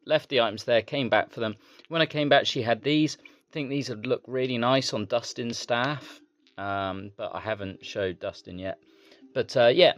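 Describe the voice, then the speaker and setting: A man's voice: lowish voice, a bit bright, dull audio. A man, a toy collector, showing off his finds in a casual, rambling vlog. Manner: rambling, easygoing show-and-tell.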